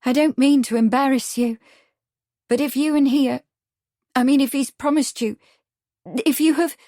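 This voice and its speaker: A woman's voice: moderate pace, warm tone, dry recording, clean studio sound, natural voice. A woman doing an earnest, tearful young lady. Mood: distressed. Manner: high, breathless and tearful. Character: young Victorian woman, earnest and easily upset.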